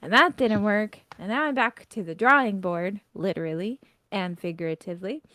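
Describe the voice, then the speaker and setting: A woman voicing a fussy, excitable female gnome inventor who rambles and gets huffy. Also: mid-range voice, normal speed, dry recording, close to an everyday voice. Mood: exasperated.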